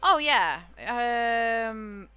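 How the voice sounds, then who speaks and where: Chatty woman with a bright voice. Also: on the high side, expressive, drawn-out words. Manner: chatty and rambling, laughs often. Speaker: streamer. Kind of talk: casual chat while gaming.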